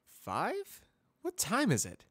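A man's voice: high-pitched, huge pitch swings, fairly bright tone, no room sound, voice pushed up, full character voice. Man voicing Spitfire, a sarcastic mare cadet. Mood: groggy grumpy. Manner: sarcastic, grumpy, quick-tempered. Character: tough, prickly young female pegasus cadet.

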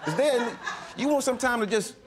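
A man's voice: very high-pitched, expressive, normal speed, crowd noise. A man in his forties giving laid-back, colloquial testimony on a courtroom TV show, often chuckling. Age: 40s. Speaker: litigant.

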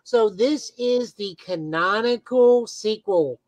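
A woman's voice: medium pitch, takes it slowly, a little mellow, low-quality recording. A woman co-hosting a casual podcast who recaps comic plots in detail with frequent filler words. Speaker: podcast co-host.

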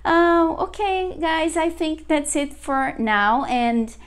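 A Brazilian woman with a Brazilian Portuguese accent teaching a pronunciation lesson, repeating words slowly and checking in with "okay?". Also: sits high, animated. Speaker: language teacher.

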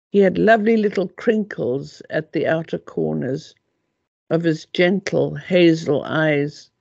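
An older woman from Africa, reading her own memoir aloud in an unhurried storytelling manner. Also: deep voice, gravelly, a little mellow, no room sound. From South Africa. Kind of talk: audiobook reading. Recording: dull lo-fi dry recording.

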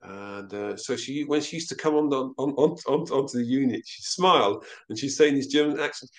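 A man telling a personal story as an interview guest, halting and often repeating himself. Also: medium pitch, lively intonation. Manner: halting, with frequent stammered repeats.

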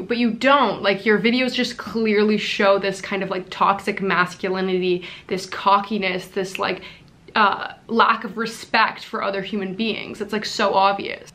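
A woman's voice: medium pitch, fairly bright tone. A young woman giving casual commentary on her channel, blunt and exasperated, with plenty of swearing. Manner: blunt, profane, exasperated ranting. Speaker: commentary YouTuber.

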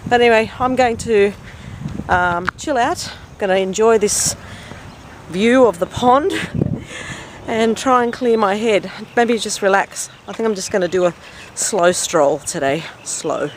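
A woman's voice: mid-range voice, a little slow. A woman vlogging casually while out on a walk by a pond, rambling and chatty with lots of fillers. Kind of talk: casual walking vlog. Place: outdoors by a pond while walking. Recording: noisy outdoor recording.

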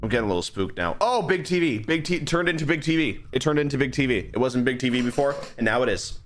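A young man chatting casually while live-streaming a horror game, rambling and animated, with his voice jumping up high whenever he is startled. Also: fast, a little hiss or hum. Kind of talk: casual gaming livestream chat.

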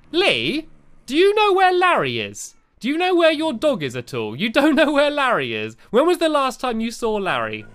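A young man giving cheerful, excitable commentary while playing a game and chatting to a friend and to his viewers. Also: fairly high pitch. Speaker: gaming video host. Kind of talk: playful let's-play commentary.

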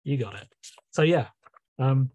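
A man's voice: mid-range voice, animated, unhurried, warm tone, dry recording. A man reading his own poems at an online meeting from a room at home, with casual, hesitant asides full of ums between pieces. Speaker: guest poet reading his work. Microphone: video call.

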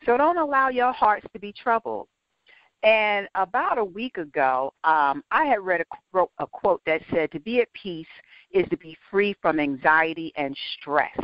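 A woman's voice: on the low side, no room sound, dull audio. A woman health coach giving a faith-based health segment with upbeat, preacherly emphasis.

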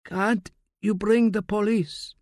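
A man's voice: high voice, steady tone, takes it slowly, a little mellow, dry recording, studio quality, voice pushed up. A man voicing a frail, dying old man whose voice is brittle, thin and cracking, in an audiobook reading. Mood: frightened. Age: older.

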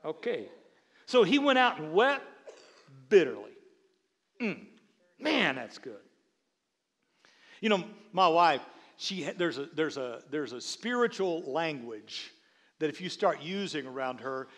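A middle-aged pastor with a voice on the high side preaches a little slowly, pausing often. His animated sermon is full of funny stories about his wife, whose lines he acts out, and he repeats words as he builds up. The long reverb of a large hall surrounds him.

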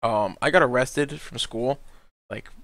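A man's voice: mid-range voice, measured pace, fairly bright tone, dry recording. A young man hosting a casual podcast, telling a long rambling story, swearing a lot and laughing at himself. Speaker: podcast host. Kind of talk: casual chat.

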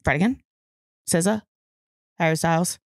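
A woman's voice: fairly low pitch, normal speed, no echo. A young woman co-hosting a podcast, joking in casual banter and reading ads on a close mic. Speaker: podcast co-host. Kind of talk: casual chat and host-read ad.

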